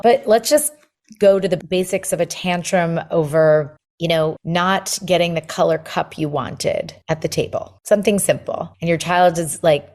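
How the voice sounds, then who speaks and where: A woman with a low voice talks as a guest on an interview podcast. She explains her method step by step and slips into the voice of a parent's inner thoughts as she goes. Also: mellow. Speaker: guest, parenting book author.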